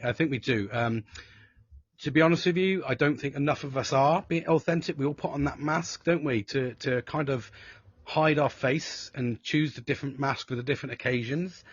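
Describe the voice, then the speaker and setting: Guy rambling on a live stream, kinda husky, sweary, dull lo-fi mic. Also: medium pitch, fairly quick, dry recording. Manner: sweary, frank, rambling with restarts. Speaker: live show host. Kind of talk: candid live chat about mental health.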